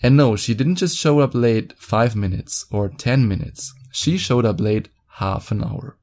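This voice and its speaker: Talking a little slowly in a medium-pitched, darkish voice, this young podcast host from Germany delivers a casual solo monologue. His style is blunt, full of swearing, and boastful.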